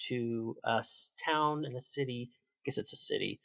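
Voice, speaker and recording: A man, a podcast guest chatting casually in a sarcastic, joking, animated way. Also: medium pitch, normal speed, vocal fry, dry recording. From Canada. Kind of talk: casual chat.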